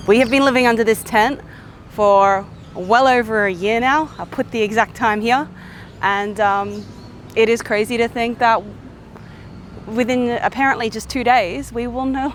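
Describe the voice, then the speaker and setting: A chatty young woman talks to her camera outdoors. Her voice sits a little high and she fills gaps with ums. Clear background noise runs under her. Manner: chatty, upbeat, with filler ums. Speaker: sailing vlog host. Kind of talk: casual vlog narration to camera. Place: outdoors in a boatyard.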